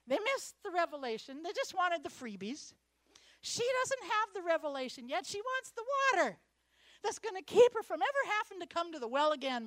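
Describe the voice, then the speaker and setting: A middle-aged woman delivers a sermon in a fairly high voice. She acts out the characters in the story, swinging from loud to hushed. The sound is dry and close, with little room in it. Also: fairly quick, no room sound. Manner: animated, acts out Bible characters, drops to hushed whispers. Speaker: preacher.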